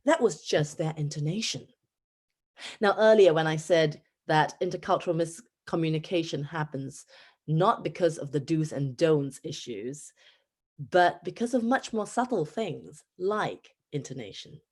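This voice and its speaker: A woman in her thirties from Singapore with a Singaporean accent, an English teacher giving a conference talk in an animated storytelling manner. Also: unhurried, slightly rough. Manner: animated storytelling with pitch jumps.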